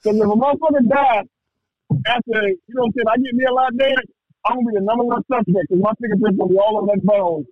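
High-voiced, husky man on a dull mic. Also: fast talker, no echo. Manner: profane, rambling, keeps asking "you know what I'm saying". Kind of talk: casual chat.

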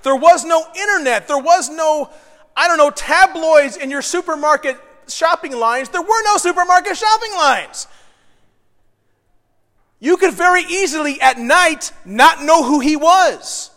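A man's voice: very high-pitched, animated, a little slow, pushed and bright. A man preaching a sermon as pastor, in a conversational style. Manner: conversational, acts out quoted voices. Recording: long reverb of a large hall.

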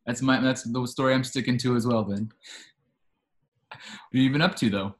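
A man's voice: medium pitch, steady tone, normal speed. A man hosting a podcast, talking in a casual, chatty way and eagerly retelling scenes at length. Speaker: podcast host.

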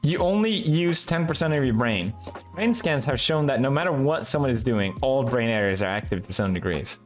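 A man's voice: mid-range voice, animated, moderate pace, soft background music. A young man from Sweden, giving casual, sarcastic and profane reaction commentary as a video host.

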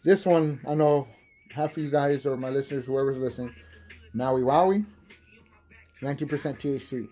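A young man hosting a casual stoner podcast, high, rambling and profane, laughing often. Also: normal speed, pauses often, dark tone. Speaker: podcast host.

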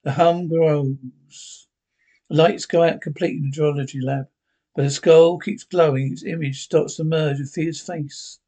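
A man's voice: on the high side, steady tone, unhurried, warm tone. A man reading a script and its stage directions aloud in a plain way, with small slips and restarts.

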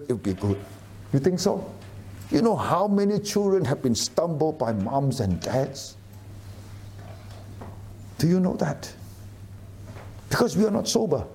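A man's voice: a little high, a little mellow, a little hiss or hum. A middle-aged man preaching a sermon, emphatic and often asking the audience questions. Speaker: pastor.

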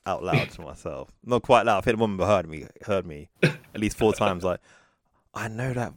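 A man's voice: deep voice, fairly quick, no room sound, studio quality. A man co-hosting a podcast, recapping a film in casual chat and acting out the characters' lines. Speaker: podcast co-host.

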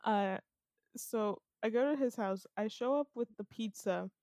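Chatting casually with a friend, a young woman recounts a dream, her slightly high voice keeping a measured pace as she laughs frequently and tells it vividly. It's a studio-quality recording with no echo.

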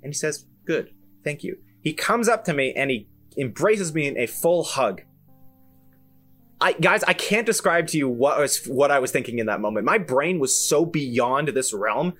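A young man hosting a podcast, telling a story in an animated, self-amused way with lots of fillers and restarts. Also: medium pitch, moderate pace, soft background music. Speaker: podcast host. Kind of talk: casual solo storytelling.

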